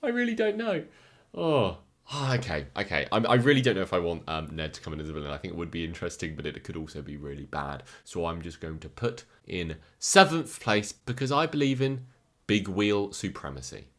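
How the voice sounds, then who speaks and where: An English man hosts a casual video in a relaxed, chatty way, mixing excited outbursts with dry, deadpan asides. His voice sits a little low. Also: fairly quick. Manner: chatty, jokey, swings between excited and deadpan. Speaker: YouTuber ranking comic villains. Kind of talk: casual opinionated commentary.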